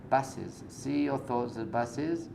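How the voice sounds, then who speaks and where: A man's voice: mid-range voice, lively intonation, slow pace, vocal fry, background noise. A man, a rabbi, giving an informal spoken lecture to a live group, coaching them directly with everyday analogies in a conversational tone. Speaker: rabbi teaching a class.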